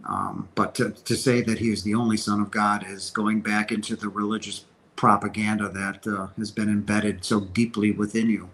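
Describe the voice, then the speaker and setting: A man with a lowish, slightly bright voice speaks at a moderate pace in a level tone, hosting a casual Q&A livestream where he answers viewer questions. His spiritual talk is earnest and emphatic, and he keeps restarting his sentences. The low-quality recording carries slight background noise.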